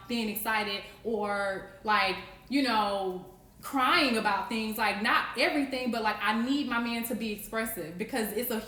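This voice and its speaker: A woman's voice: medium pitch, a bit bright. Emphatic woman, echoey room. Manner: emphatic, frank, many quick restarts. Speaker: co-parenting podcast co-host. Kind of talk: casual podcast conversation. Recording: roomy echo.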